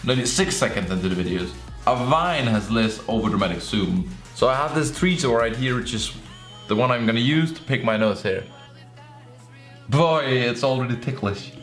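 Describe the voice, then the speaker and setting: A man's voice: mid-range voice, normal speed. Joking young man in an echoey room. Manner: joking, sarcastic, excitable outbursts. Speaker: YouTuber reacting to videos. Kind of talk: casual reaction commentary. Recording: echoey room with faint music.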